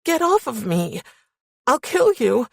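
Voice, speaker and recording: A woman's voice: on the high side, big pitch swings, slow, creaky, no room sound, clean studio sound, voice pushed up, exaggerated voice. A woman doing a frightened, defiant young woman. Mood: panicked. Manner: raised, shaky, breathless threats. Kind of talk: audiobook character voice.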